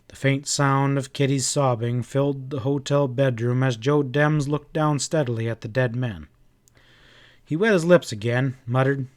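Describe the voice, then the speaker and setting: A man narrating a western novel aloud in a steady, even storytelling manner. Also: medium pitch, moderate pace. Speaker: audiobook reader.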